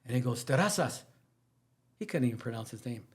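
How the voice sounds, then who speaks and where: A man talks in a loose, animated storytelling style, his voice jumping up in pitch for emphasis. He drifts from story to story as he would in a casual podcast chat. His voice sits in the middle range for a man. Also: racing. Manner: animated, rambling, jumps between stories, emphatic pitch rises. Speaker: guest, teacher.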